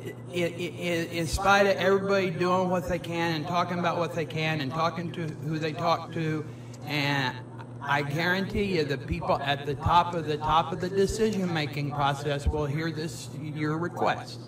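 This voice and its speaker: Man, stammering, emotional, slightly high, distant, crowd noise behind. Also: fairly even intonation, moderate pace. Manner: rambling, stammering, laughing often. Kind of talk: emotional personal conversation.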